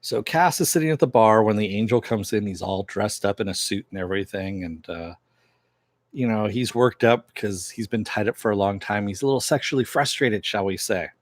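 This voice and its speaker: A lower-pitched man talks through a TV episode recap in a relaxed, meandering way, with a chuckle here and there. His voice sits close and dry, with almost no room sound. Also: fairly quick, no echo. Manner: rambling retelling that acts out quoted dialogue, chuckling now and then. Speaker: TV series reviewer.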